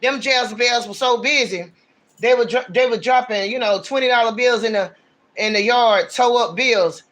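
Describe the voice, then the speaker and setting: A man's voice: very high-pitched, normal speed, a bit bright. A man giving a casual livestream tarot reading, talking in a blunt, slangy, ranting way. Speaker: tarot reader.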